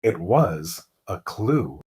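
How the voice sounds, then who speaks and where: Calm, slow-spoken male English teacher. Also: low voice. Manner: calm, clear, deliberate. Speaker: host and story narrator. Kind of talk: slow scripted narration for English learners.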